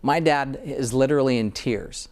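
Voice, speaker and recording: A man's voice: mid-range voice, normal speed, darkish tone. A dentist in conversation, speaking earnestly and often repeating words as he starts a thought. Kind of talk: conversational interview.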